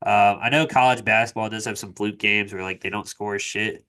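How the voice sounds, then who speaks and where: Young guy with a stuffy nose from a cold, lowish voice, lots of uh and like, casual betting chat. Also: fairly even intonation, normal speed, bright, forceful tone. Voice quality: nasal. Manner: loose, filler-heavy, with many "uh" and "like". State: congested from a cold. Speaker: sports betting creator. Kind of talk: casual screen-share walkthrough.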